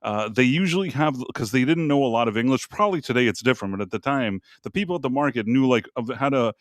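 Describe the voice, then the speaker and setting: A man's voice: medium pitch, expressive, quick pace, dry recording. Give me a man chatting casually on a podcast, rambling with lots of restarts, recorded dry and close. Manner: rambling storyteller with many restarts. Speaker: co-host.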